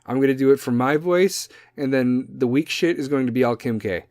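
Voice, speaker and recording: A man's voice: mid-range voice, a little fast, a little mellow, no echo, clean studio sound. A young adult man hosting a podcast in a profane, confrontational rant that keeps drifting off on tangents. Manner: goes off on tangents. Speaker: podcast host. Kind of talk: ranting monologue.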